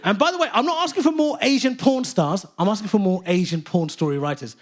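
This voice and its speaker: A man in his late thirties performing a brash, animated stand-up set on a theatre stage. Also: sits high, fast talker. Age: late 30s. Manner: animated, brash, swings between voices. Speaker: stand-up comedian.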